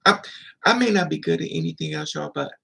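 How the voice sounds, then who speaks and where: A man's voice: on the high side, animated, fast talker, creaky, bright, forceful tone, slightly rough. A man casually telling a long personal story to the camera, chatty and digressive, with laughing asides. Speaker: vlogger. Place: indoors, at home.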